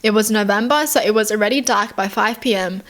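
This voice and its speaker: A woman's voice: medium pitch, a little fast, fairly bright tone. A young woman from Australia, a YouTuber who reads stories aloud and breaks in with indignant remarks and sighs. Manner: indignant outbursts and sighs between readings. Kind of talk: reading stories aloud with reactions.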